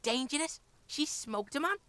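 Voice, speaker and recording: A foul-mouthed, cocky street boy in a game. He swaggers, curses and refers to himself by name. His voice sits fairly high. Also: animated, moderate pace, fairly bright tone. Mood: boastful. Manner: brash, swearing, refers to himself in third person.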